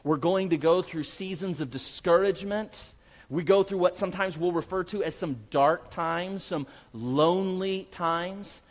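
A man's voice: sits high, unhurried, in a large hall. A man preaching a sermon, telling a family story and building to emphatic, repeated phrases. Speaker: pastor.

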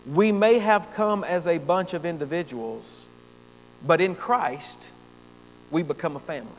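A man's voice: fairly high pitch, measured pace. A man preaching a sermon as pastor, earnest and emphatic, repeating phrases for stress. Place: church sanctuary. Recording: long church reverb, faint hum.

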